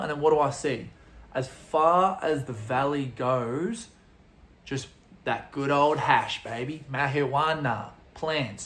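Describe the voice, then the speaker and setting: An Australian man spins a travel yarn in loose slang and casual swearing, his voice sitting a touch high. The room adds a noticeable echo, with faint ambient noise underneath. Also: fairly bright tone. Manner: swearing, laid-back slang. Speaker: travel vlogger. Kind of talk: animated storytelling. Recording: roomy echo.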